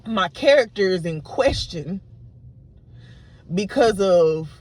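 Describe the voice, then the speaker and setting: A woman in her late twenties vents to camera in a raw, unedited vlog. She retells an argument in a frustrated, rambling way, full of fillers and false starts. Her voice sits at a middling pitch. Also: expressive, slow, a little mellow. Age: late 20s. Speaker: vlogger. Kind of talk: unedited casual monologue to camera.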